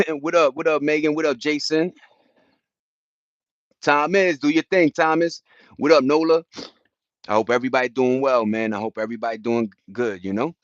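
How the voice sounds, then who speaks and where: A man's voice: on the high side, steady tone, normal speed, pauses often, no room sound, muffled recording. A man in his forties from New York with a New York accent, chatting casually on a livestream in streetwise slang and greeting viewers by name. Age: 40s. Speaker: livestream host.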